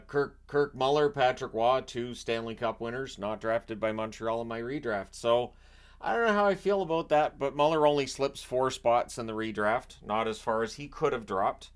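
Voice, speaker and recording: A man's voice: lowish voice, clean tone. A man hosting his own channel, talking through picks in a loose, rambling way with joking asides. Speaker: hockey channel host. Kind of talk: casual solo commentary. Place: home, washer running nearby.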